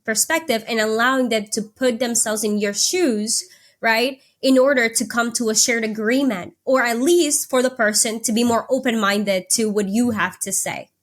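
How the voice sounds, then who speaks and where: A woman hosting a podcast, who affirms her guest warmly and reflects aloud in a thoughtful way. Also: a little high, moderate pace. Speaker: podcast host. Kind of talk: conversational interview.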